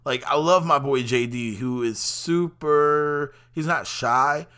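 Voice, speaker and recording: A man's voice: mid-range voice, takes it slowly, pushed and bright, smooth. A man hosting a show, talking through a rambling personal monologue with lots of fillers. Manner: talkative, rambling, frequent fillers. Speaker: podcast host.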